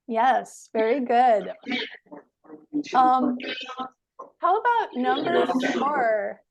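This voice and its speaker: A woman teaching English in a webinar, explaining words slowly and patiently with clear stress. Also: high voice, expressive.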